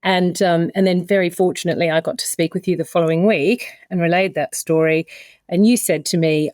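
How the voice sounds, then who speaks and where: A woman's voice: lowish voice, steady tone, fairly quick, darkish tone, no room sound. Woman telling a candid story, dry sound. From Australia. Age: middle-aged. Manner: candid, emotional retelling with many quoted exchanges. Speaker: podcast guest. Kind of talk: conversational storytelling.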